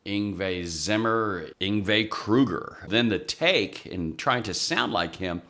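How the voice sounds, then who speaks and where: Taking it slowly, a man with a low, animated, slightly bright voice talks about guitar playing on his channel. It's a casual, rambling vlog delivered in a chatty, wry, self-deprecating way.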